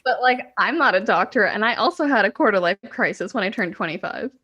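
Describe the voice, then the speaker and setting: Woman in her twenties, podcast co-host, casual rambling chat, filler-heavy, mid pitch. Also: animated, a little fast, pushed and bright, slightly rough. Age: 20s. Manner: rambling storytelling with frequent "like".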